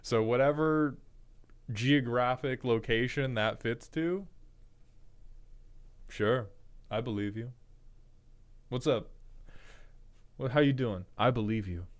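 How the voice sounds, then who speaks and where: A man's voice: medium pitch, takes it slowly, pauses often. A man streaming, chatting casually with viewers in a rambling, jokey way with frequent restarts. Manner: rambling, jokey, self-interrupting.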